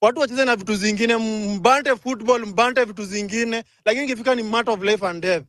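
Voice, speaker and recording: Kenyan guy ranting super fast, mad, high pitched, dry phone mic. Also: fairly bright tone, dry recording. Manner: angry, rapid code-switching rant. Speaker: speaker in a live audio room. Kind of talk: impassioned live chat.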